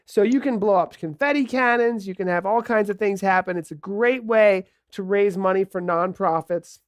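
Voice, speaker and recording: A man's voice: high voice, moderate pace, hardly any pauses, no room sound, clean studio sound. A man hosting a live charity stream, casually walking viewers through his tech setup. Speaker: host. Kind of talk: live stream host wrap-up. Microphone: video call.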